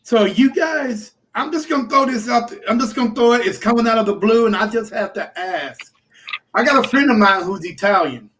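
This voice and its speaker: A man with a high-pitched voice hosts a casual podcast chat. He tells stories in an animated way, joking and laughing. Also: fairly quick. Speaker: podcast host.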